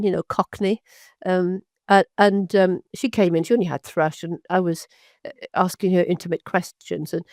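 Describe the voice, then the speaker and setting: Older woman, halting with many restarts. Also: mid-range voice, a little mellow, dry recording, studio quality. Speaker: physician guest. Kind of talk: storytelling interview.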